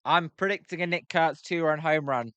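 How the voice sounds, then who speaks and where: This young British man has a fairly high, bright, forceful voice, clear and resonant, at normal speed and without echo. On his live stream he casually reacts to a baseball game, banters with his viewers, and jokes around with pronunciations.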